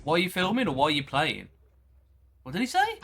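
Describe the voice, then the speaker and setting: A man commenting on clips during a livestream, ranting in an animated, profane way with lots of rhetorical questions. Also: fairly high pitch, brisk, gravelly, husky.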